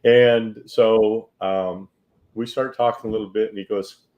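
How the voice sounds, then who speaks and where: Middle-aged male host, lowish voice, casual storyteller who plays out each person in his tale. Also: measured pace. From Northern California. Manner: animated anecdote teller, acts out quoted voices. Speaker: real estate broker and interview host.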